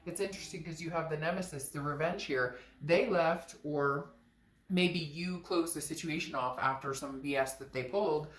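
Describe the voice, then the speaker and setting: Animated woman in an echoey room. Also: moderate pace. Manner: animated, frank, swears, acts out quoted lines in a high voice. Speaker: tarot reader. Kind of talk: casual tarot reading.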